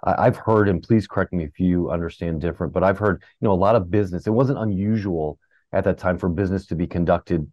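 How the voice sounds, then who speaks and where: A man's voice: deep voice, fast, a little mellow, no room sound. A man co-hosting a podcast, asking long, hedging questions with many restarts. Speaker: podcast co-host. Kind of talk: casual interview questions. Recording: dry, dull lo-fi mic.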